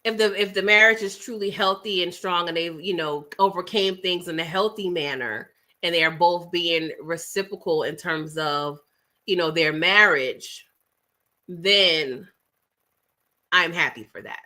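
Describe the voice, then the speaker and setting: Bright-voiced chatty woman livestreaming. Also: lowish voice, measured pace. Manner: chatty, animated, uses "child" and "y'all". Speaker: livestream host. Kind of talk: casual chat with live viewers.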